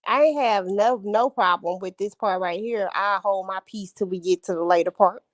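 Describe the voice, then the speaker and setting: A woman co-hosting a livestream in casual chat about a TV episode, with expressive, quick reactions. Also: medium pitch, no echo, studio quality.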